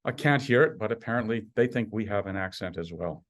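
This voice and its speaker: A man in his sixties from Canada, a university administrator giving an alumni talk with wry humor and lively emphasis. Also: on the low side, brisk. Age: 60s. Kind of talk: prepared talk.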